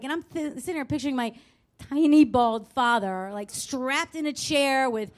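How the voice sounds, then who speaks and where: Woman, live storytelling, fairly high voice, expressive, swears freely, self-mocking. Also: normal speed. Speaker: storyteller on stage. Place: live show venue.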